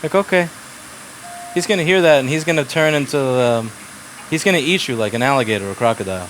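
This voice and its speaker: A man's voice: medium pitch, animated, fast talker, a bit bright, slight background noise. A man running a repair shop, giving blunt, profane instructions to his staff in casual workplace talk.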